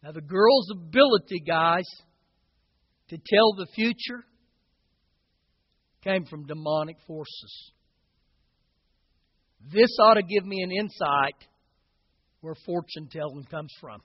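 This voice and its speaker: High-voiced pastor preaching in a hall. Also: male voice, slow pace, long pauses, slightly rough, highs cut off. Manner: conversational preaching, often checks in with "okay?" and "guys". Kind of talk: sermon.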